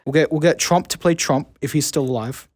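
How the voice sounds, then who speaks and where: A man's voice: a little high, fairly quick, dry recording. Stammering young man, dry close sound. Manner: stammering, repeats words often. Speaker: student show panelist. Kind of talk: casual chat.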